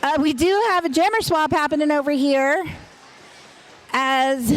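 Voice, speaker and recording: A woman's voice: high voice, unhurried, a little hiss or hum. A woman announcing a roller derby game live, chatty and playful, laughing often between calls. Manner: chatty, giggly, playful banter. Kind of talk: live play-by-play commentary.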